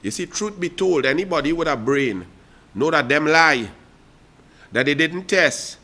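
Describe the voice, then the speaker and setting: A man's voice: on the high side, lively intonation, measured pace, sharp tone. A man with a Trinidadian accent hosting a political talk show, delivering a fiery, mocking commentary monologue straight to his listeners.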